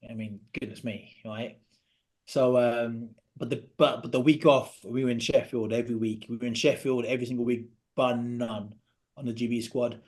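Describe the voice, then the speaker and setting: A man, a podcast guest telling a personal story in an earnest, halting way that often drops to a quiet voice. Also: medium pitch, steady tone. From Britain.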